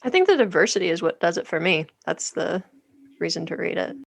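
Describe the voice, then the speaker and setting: Guest, woman, low and gravelly, dry close sound, short teasing remarks. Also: very animated, fairly quick, no echo. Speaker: guest podcaster. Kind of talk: casual book discussion.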